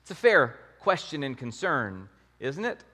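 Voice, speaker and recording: A man's voice: medium pitch, very animated, a little slow, bright, forceful tone, breathy edge. Conversational man preaching in a hall. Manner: conversational, rhetorical questions, emphatic. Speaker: pastor. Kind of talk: sermon.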